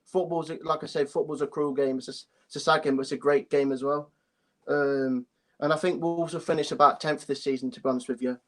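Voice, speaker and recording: A man's voice: a little high, steady tone, brisk. A young man calling in to a phone-in show, talking hesitantly, apologizing often and restarting his sentences. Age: young adult. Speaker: caller. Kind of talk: phone-in chat.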